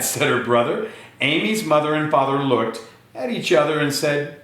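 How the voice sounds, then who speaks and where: A man reading a picture book aloud to children, speaking to them directly in an animated way. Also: a little high, normal speed. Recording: echoey room.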